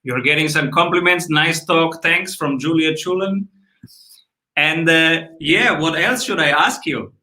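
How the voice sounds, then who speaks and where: A man hosting a podcast interview over a video call, asking short questions with pauses. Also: fairly high pitch, sharp tone, echoey room, rough recording. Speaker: podcast host.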